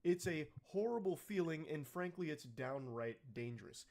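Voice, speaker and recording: A man's voice: on the high side, expressive, normal speed, a little mellow. A young man giving blunt, profane reaction commentary in a disgusted tone.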